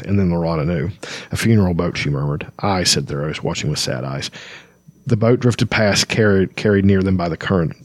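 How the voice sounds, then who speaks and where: Low-voiced man reading a fantasy novel aloud. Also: darkish tone, no echo. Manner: reads passages aloud with stumbles, then summarizes with many fillers. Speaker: reader summarizing a fantasy novel. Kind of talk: casual book reading with commentary.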